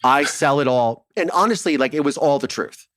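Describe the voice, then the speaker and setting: Animated, foul-mouthed man telling a story. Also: a little high, moderate pace, dry recording, clean studio sound. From Ohio. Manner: animated, swears freely, acts out quoted dialogue. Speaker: documentary filmmaker guest. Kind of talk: casual storytelling interview.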